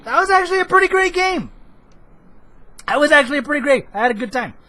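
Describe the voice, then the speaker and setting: A hoarse man giving rambling, excitable commentary over his own gameplay footage, now and then bursting into shouts. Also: very high voice, fast talker, poor audio. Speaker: gameplay video host.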